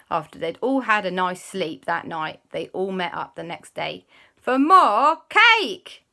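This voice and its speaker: A woman hosting a children's show, telling a story in a lively, animated way with gasps and sound effects. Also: on the low side, creaky.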